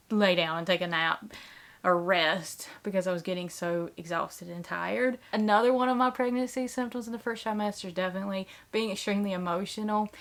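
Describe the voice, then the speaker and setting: A woman's voice: mid-range voice, fairly bright tone. A woman in her thirties talking casually to camera as a vlogger, earnest and chatty, with lots of "like" fillers.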